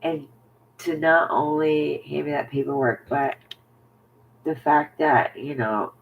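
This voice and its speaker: A man telling a personal story to camera in a halting, rambling way, full of fillers and restarts, often sinking to a near whisper. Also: on the high side, fairly even intonation, vocal fry, phone-quality sound, a little hiss or hum. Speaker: vlogger.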